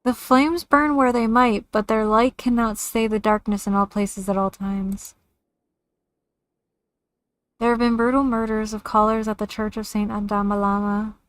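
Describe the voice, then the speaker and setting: A woman's voice: mid-range voice, steady tone, clean tone, natural voice. A woman reading as an earnest camp leader. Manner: formal, measured reading of game dialogue. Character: earnest male camp leader, calm and dutiful. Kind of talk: reading game dialogue aloud.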